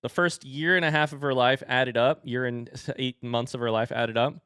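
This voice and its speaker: A man in his thirties chatting casually with his live-stream audience in an animated way. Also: mid-range voice, normal speed, clear, resonant tone, dry recording, clean studio sound. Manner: chatty and animated, baby-talks his dogs.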